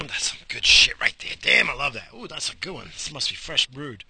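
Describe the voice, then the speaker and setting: A man's voice: medium pitch, expressive, fast, few pauses, bright, forceful tone, husky. A man podcasting while he drives, rambling crudely and profanely into a head-mounted mic. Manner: profane, rambling, mock-theatrical. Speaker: podcast host. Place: car, driving.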